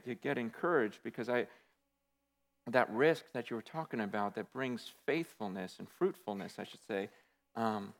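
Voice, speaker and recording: A man preaching a sermon, telling stories with acted-out quotes and swinging from loud bursts to hushed, intimate passages. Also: medium pitch, long reverb tail. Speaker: pastor.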